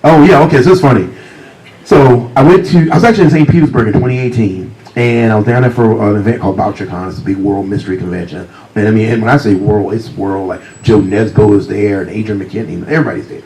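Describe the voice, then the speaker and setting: A man with a deep voice telling humorous anecdotes as a guest author at a library talk, speaking close to a handheld mic. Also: fast, noisy background. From Virginia, USA. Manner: warm, humorous anecdotes, often laughing. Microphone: handheld mic close to mouth.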